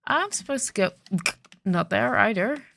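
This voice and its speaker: A woman's voice: medium pitch, expressive, a little slow, creaky, background noise. A woman with a morning voice casually commenting on her gameplay, thinking aloud with frequent ums and restarts. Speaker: gaming video host.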